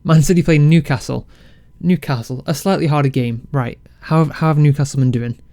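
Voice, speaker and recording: Excitable man narrating a game, dry close mic. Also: a little high, normal speed, dry recording. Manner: excitable, self-mocking, rambling with restarts. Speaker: game let's-play creator. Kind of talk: casual game commentary.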